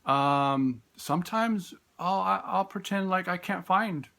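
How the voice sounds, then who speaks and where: A man, a special education teacher, telling classroom stories in a relaxed, storytelling way. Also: high voice, takes it slowly, creaky. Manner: warm storytelling, acts out voices in quotes; frequent fillers and restarts. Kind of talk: informal talk with classroom stories.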